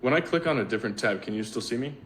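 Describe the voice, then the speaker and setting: A man co-hosting a podcast over a remote call, playful and quick with casual swearing. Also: medium pitch, expressive, slight background noise. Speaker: podcast co-host. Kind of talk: casual chat.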